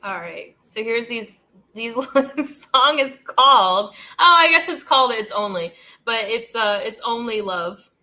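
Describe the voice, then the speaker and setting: Bright-voiced woman rambling casually. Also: a little high, unhurried. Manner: rambling, heavy use of "like" and "dude"; amused, laughs between thoughts. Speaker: channel host. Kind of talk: casual commentary chat.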